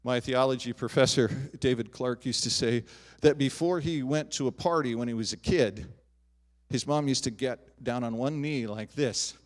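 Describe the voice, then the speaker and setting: Animated preaching man, pastor. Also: medium pitch, moderate pace. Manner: animated preaching, rising loud on emphatic lines, dropping soft on personal asides. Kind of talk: sermon. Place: church sanctuary.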